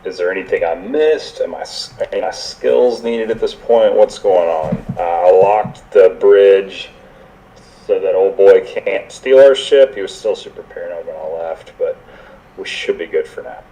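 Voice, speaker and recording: A man with a deep, mellow voice plays a tabletop horror game. He talks in an easygoing, upbeat way. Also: normal speed, low-quality recording. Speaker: player.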